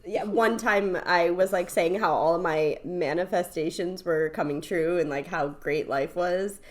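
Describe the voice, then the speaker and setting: A woman in her thirties hosting a podcast in casual chat, telling animated stories that she breaks up with laughter. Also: fairly low pitch, measured pace. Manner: laughs often, animated storytelling with put-on voices. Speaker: podcast host.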